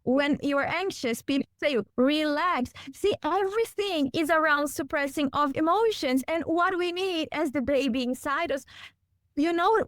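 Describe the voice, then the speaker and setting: A woman's voice: high voice, fairly bright tone, no room sound. A woman guest on a podcast, speaking earnestly and emphatically, building her points with repeated phrases. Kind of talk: heartfelt conversational podcast talk.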